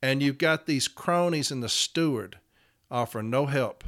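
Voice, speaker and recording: A man of middling pitch, telling a long union story. He is blunt and profane, and he plays both sides of a heated confrontation out loud. His talk is loose and conversational, like recounting it to friends. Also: normal speed. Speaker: union representative. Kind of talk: storytelling monologue.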